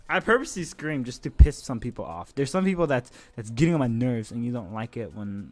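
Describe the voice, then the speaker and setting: A man casually commentating an esports match on his live stream, joking and swearing, with bursts of excited shouting. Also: medium pitch, fairly quick, soft background music.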